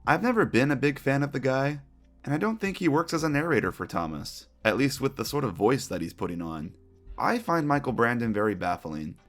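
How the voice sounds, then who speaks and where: A man's voice: medium pitch, big pitch swings, a little fast, soft background music. A man narrating a scripted retrospective commentary, opinionated and wry.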